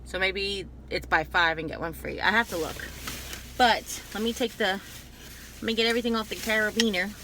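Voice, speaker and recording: A woman's voice: mid-range voice, steady tone, fairly quick, background noise. A woman talking casually in a rambling, chatty haul video, often breaking off and restarting her sentences. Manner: chatty, digressive, self-interrupting. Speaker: YouTube haul vlogger.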